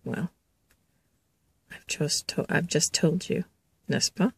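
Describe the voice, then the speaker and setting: A woman hosting an intuitive reading, speaking slowly in a lower register. She relays a spirit's words to her listeners and calls them children, chatting and laughing between thoughts. The sound is close and dry. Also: vocal fry, slightly rough, no echo. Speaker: intuitive reader.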